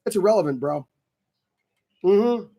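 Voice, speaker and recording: A man's voice: high voice, unhurried. A man talking casually to his viewers, spinning a travel story with lots of energy. He swears freely and has a dry, sardonic bite. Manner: animated, profane, sardonic. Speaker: vlog host answering viewer questions.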